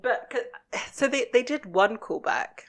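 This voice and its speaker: A woman co-hosting a podcast, casually talking through a TV episode, relaxed and quick to giggle. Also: fairly high pitch. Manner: relaxed, giggly, thinks aloud. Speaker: podcast co-host. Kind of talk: casual chat about a TV episode.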